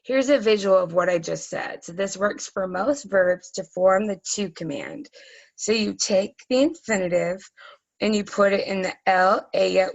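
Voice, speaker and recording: A woman's voice: medium pitch, gravelly, lo-fi sound. A woman teaching a recorded Spanish grammar lesson, explaining patiently step by step with frequent ums.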